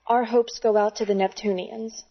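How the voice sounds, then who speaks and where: A woman playing a polished news anchor in a spoof newscast, with a smooth newsreader delivery. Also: a little high, fairly even intonation, normal speed, noisy background, close to an everyday voice. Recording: dull lo-fi with faint music.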